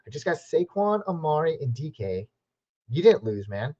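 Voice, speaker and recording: A man from the West Coast hosting a live Q&A stream, chatty and upbeat, giving quick verdicts on viewer questions. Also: a little high, sing-song, warm tone. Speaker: fantasy football live stream host. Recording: slightly muffled lo-fi stream audio.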